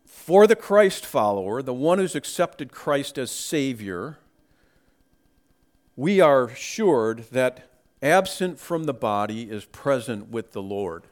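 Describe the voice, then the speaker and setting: Guy preaching real slow and deliberate, building up to loud emphatic bits. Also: mid-range voice, very animated. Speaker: pastor. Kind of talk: sermon.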